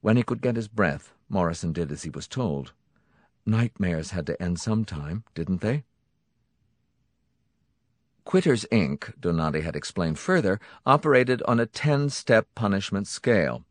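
A man narrates a dark story in a low, deep voice. His pitch swings widely and dramatically as the tension builds. The sound is close and dry, with faint music beneath. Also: animated, a little slow, no echo. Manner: dramatic, varied, tense. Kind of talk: audiobook narration.

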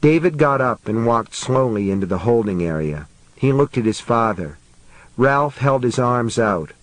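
A man narrating an audiobook in a steady, measured reading voice. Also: mid-range voice, dry recording, low-quality recording.

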